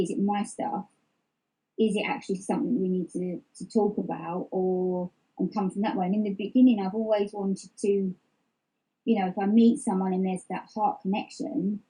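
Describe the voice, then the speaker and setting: Heard on a rough recording, a middle-aged woman gives an open personal interview, speaking reflectively and candidly with many restarts and fillers. Her voice is mid-range, dark in tone and slightly rough.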